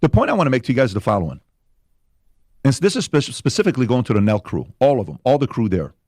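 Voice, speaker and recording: A man's voice: mid-range voice, very animated, fast, a little mellow, no room sound. A man holding forth on a podcast, driving his advice home by repeating himself. The sound is close and dry. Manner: emphatic, repetitive advice-giving. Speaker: podcast host in clip. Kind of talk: podcast monologue.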